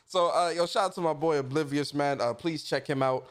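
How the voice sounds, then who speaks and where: A man's voice: a little high, fairly quick, clear, resonant tone. A man hosting a casual gaming livestream, greeting viewers by name in a laid-back, slangy way. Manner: laid-back slangy shout-outs, lively. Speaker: podcast host.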